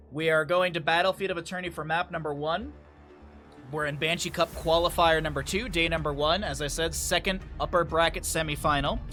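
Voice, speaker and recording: Upbeat bright-voiced man casting esports. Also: fairly high pitch. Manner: chatty and upbeat, cowboy-style greetings. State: out of breath. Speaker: esports caster and streamer. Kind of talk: solo esports commentary.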